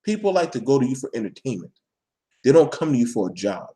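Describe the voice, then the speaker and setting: A man's voice: medium pitch, sing-song, quick pace, mellow. A man talking straight to his viewers in a blunt, profane, preachy rant, calling out his audience and pressing his point hard. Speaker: vlogger addressing his viewers. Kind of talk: live ranting monologue.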